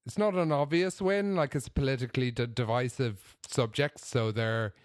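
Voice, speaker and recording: A man's voice: medium pitch, moderate pace, dry recording, studio quality. A man co-hosting a podcast in casual chat, easygoing with stammering restarts. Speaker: podcast co-host.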